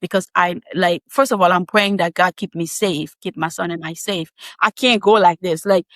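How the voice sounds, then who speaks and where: A woman with a fairly low voice, recorded with no room sound, guests on a podcast. She tells a personal story casually and animatedly, laughing often and tossing in quick asides.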